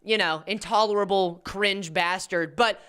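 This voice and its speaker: An American man doing commentary in a sarcastic manner, jumping between loud jabs and low mutters. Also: steady tone, unhurried, smooth. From United States. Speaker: commentary YouTuber. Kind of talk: commentary video.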